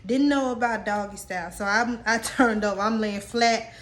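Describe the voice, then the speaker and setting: Sex: female. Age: late 20s. Role: vlogger telling a story. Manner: candid, slangy, talks straight to the viewers. Pitch: a bit high. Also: normal speed. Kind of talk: casual storytime.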